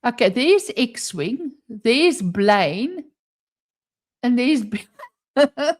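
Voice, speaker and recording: This South African livestream host, speaking with a South African English accent, talks extremely slowly in a high-leaning voice with big pitch swings. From her home, where the front door stands open, she chats casually, laughs frequently and reads the chat aloud.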